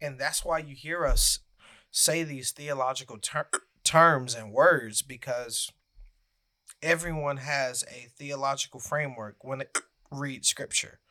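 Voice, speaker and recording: A man with a bright, forceful voice co-hosts a relaxed podcast chat. He talks earnestly, with easy fillers, and keeps getting hiccups. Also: mid-range voice, unhurried. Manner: earnest, laughs while hiccuping. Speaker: podcast co-host. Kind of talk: casual podcast chat, reading a confession aloud.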